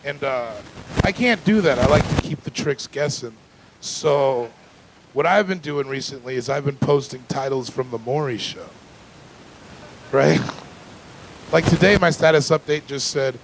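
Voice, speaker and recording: A man performing a stand-up comedy set on a club stage, telling deadpan stories that build into loud rants. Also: mid-range voice, measured pace, vocal fry, pauses often, background noise.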